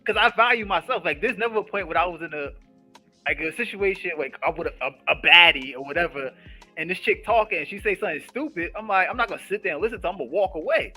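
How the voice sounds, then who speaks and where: A man in casual chat on a podcast, talking quickly and animatedly, filling his speech with "like" and "yo" and acting out his own asides. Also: high-pitched, faint music behind. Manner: rapid, animated, full of "like" and "yo" with acted-out asides.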